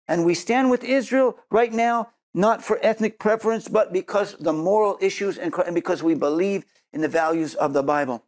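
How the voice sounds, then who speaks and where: A Messianic Jewish preacher with a high, slightly mellow voice gives an earnest sermon at normal speed with hardly any pauses, ending in prayer. He often repeats words as he searches for his thought.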